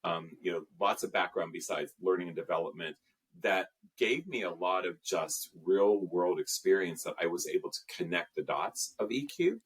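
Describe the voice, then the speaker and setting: A man's voice: deep voice, moderate pace, husky. A man as an interview guest, talking about his work in an earnest, reflective way, with frequent fillers. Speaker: guest, emotional intelligence trainer. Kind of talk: interview conversation.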